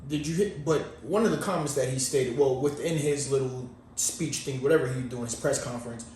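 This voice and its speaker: A man co-hosting a podcast in casual chat, joking and rambling with animated asides. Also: medium pitch, a little fast. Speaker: podcast co-host. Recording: very echoey, distant mic, faint noise.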